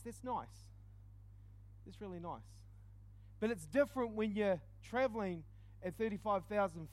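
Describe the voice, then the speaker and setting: A man preaching, telling a personal testimony in an animated storytelling way with quick dips into quiet asides. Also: high-pitched. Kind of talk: testimony sermon.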